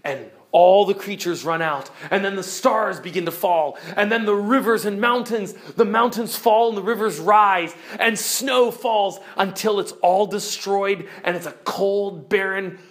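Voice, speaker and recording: A woman teacher retelling a story to her class, animated, swinging from bright exclaims to hushed, low dramatic moments. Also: measured pace, few pauses.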